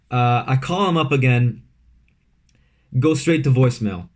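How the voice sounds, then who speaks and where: A man's voice: mid-range voice, slow, pauses often. A young man from Vancouver, telling a casual storytime at home, full of fillers and asides. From Vancouver, Canada. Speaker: vlogger. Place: his room at home.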